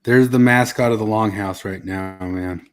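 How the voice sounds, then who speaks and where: A man's voice: fairly low pitch, fairly even intonation, moderate pace. A man hosting a casual podcast chat, talking in a loose, rambling, joking way. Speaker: podcast host.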